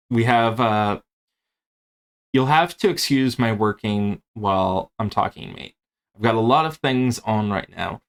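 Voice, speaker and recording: Casual game master, a man with a fairly low voice, talking through a rulebook off the cuff. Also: fairly bright tone. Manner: rambling, with many fillers and restarts. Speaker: game master and tabletop game presenter.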